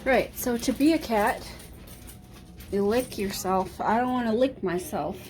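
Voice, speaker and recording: A woman talks slowly and rambles in a casual cooking vlog, chatting to her cat as she goes. Her voice sits a little high, and a faint kitchen hum runs underneath. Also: a little mellow. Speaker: vlogger. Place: home kitchen.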